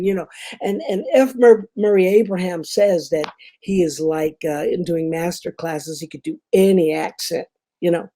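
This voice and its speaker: An older woman with a Memphis Southern drawl tells stories in a chatty, rambling way, full of asides and "you know"s. Her voice sits low for a woman and sounds mellow and relaxed. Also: normal speed. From Memphis, Tennessee. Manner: chatty storyteller, many fillers and asides. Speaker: guest, performer. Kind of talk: casual conversation.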